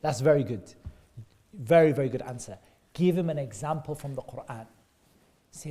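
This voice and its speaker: A man's voice: medium pitch, moderate pace, long pauses, warm tone. A man teaching a class of children, asking them questions and praising and repeating their answers back. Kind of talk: interactive lesson for kids.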